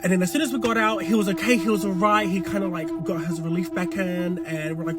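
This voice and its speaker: Casual young male storyteller, 20s, slightly high voice, profane and rambling, loud music bed. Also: fast talker, hardly any pauses. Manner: loose, swearing, lots of fillers. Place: dark room.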